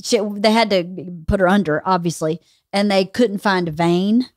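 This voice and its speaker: A woman's voice: mid-range voice, normal speed, no room sound, clean studio sound. A woman hosting a podcast, telling a story in a casual chat and bluntly contradicting her co-host in a teasing way.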